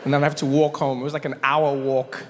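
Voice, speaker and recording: A man telling a stand-up comedy story, animated and playful. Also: medium pitch, fast talker, long reverb tail, slight background noise.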